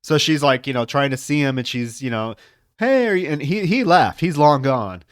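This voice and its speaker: A man's voice: mid-range voice, animated, normal speed, dry recording, studio quality. A man on a podcast panel, casually retelling a film's plot with lots of filler words. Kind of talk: casual film discussion.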